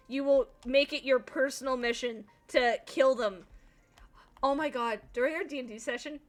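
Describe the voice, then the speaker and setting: Bright, sleepy woman streamer chatting. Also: high voice. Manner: animated, swears casually, laughs often. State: sleepy, yawning. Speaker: game streamer. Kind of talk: casual chat while playing a video game.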